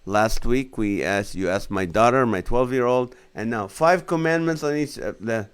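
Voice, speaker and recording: A comedian and show host in his forties runs a relaxed live stream, reading viewers' comments aloud and laughing along with their jokes in a playful mood. His voice is smooth and clear at an ordinary middle pitch, and he speaks at normal speed.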